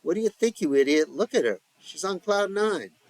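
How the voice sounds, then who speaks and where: A man's voice: very high voice, sing-song, brisk, no room sound, pitched above the performer's own voice, rough recording. A man voicing a blunt, sarcastic young brother with a mocking tone.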